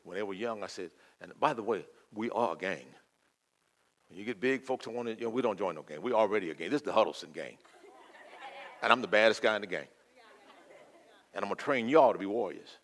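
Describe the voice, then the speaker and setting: An older man preaching a sermon, swinging from loud, fervent declaiming to quiet, intimate asides. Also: lowish voice, lively intonation, a little fast, long pauses, a faint crowd.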